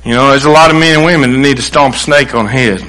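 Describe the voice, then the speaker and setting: A man preaching a sermon, emphatic and quick, voicing the lines of people he quotes. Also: medium pitch, bright, forceful tone, poor audio. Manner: emphatic preaching, acts out quoted voices, restarts. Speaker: pastor.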